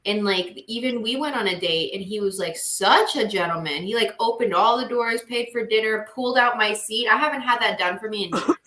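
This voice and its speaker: A woman's voice: mid-range voice, a little fast, echoey room. A woman co-hosting a casual podcast chat, telling dating stories with lots of laughter and restarts. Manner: laughing, animated storytelling with restarts.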